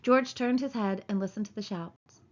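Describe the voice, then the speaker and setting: Woman reading a novel aloud, steady and measured. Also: medium pitch. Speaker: reader. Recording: dull lo-fi recording.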